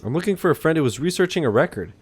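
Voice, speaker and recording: Curious young heroine, guy voicing her, polite, a bit higher. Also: expressive, racing, slightly rough. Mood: inquisitive.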